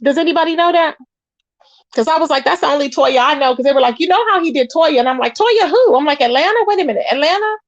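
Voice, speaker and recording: A woman hosting a casual gossip commentary show, chatty and animated, answering her live chat. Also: high voice, fast talker, no room sound, muffled recording. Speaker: commentary channel host.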